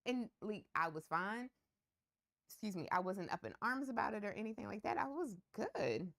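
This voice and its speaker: A woman co-hosting a relationship podcast, talking in a relaxed, conversational way with wry asides. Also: medium pitch, moderate pace, gravelly. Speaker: podcast co-host. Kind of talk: casual relationship chat.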